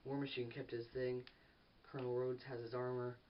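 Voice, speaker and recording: Talking a little fast in a mid-range voice, a teenage boy excitedly rambles through a casual film review, often restarting sentences and losing his place. He sounds distant from the microphone. Audio quality is dull and lo-fi, with a faint hiss.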